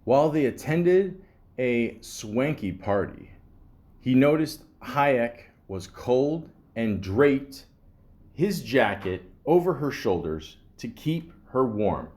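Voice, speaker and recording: A man's voice: medium pitch, sing-song, slow pace, darkish tone. A man hosting a podcast, reading a script with sarcastic, joking asides. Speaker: podcast host.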